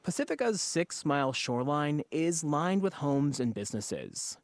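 A man's voice: fairly high pitch, huge pitch swings, moderate pace, no room sound, clean studio sound. A man reading a scripted news report.

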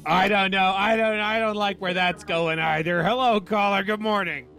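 Upbeat bright-voiced radio DJ man. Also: high-pitched, steady tone, moderate pace. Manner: upbeat, repeats catchphrases, laughs along. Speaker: radio DJ host. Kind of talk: morning radio call-in show. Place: radio studio.

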